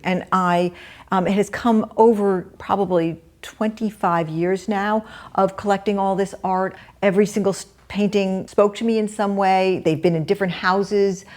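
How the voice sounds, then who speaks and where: An older woman giving a house tour, telling a story in a chatty, animated way with many ums and restarts. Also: mid-range voice, normal speed. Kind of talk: casual storytelling.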